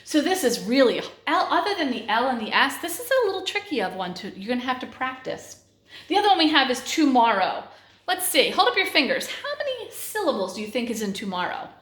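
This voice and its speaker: A woman teaching a phonics lesson to second graders, drilling sounds clearly and with energy. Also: sits high, sing-song, brisk, fairly bright tone. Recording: very echoey room.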